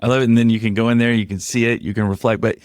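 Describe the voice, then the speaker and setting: A podcast host, a man with a very low voice, draws out his guest. He is encouraging and quick to affirm. He is recorded close and dry. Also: flat delivery, no echo. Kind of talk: interview, casual chat.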